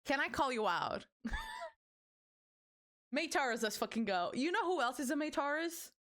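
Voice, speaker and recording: A young woman streaming live, chatting loosely with her viewers. Her voice sits a little high and swings up and down a lot as she jokes. She is excitable and teasing, swears freely and laughs often. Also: moderate pace. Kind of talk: casual livestream chat with viewers.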